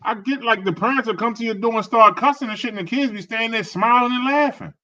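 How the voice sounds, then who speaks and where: Podcast co-host, man, bright tense voice, jokey and profane, lo-fi sound. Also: extremely high pitch, quick pace. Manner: joking, profane storytelling. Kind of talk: casual chat. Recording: dull lo-fi sound.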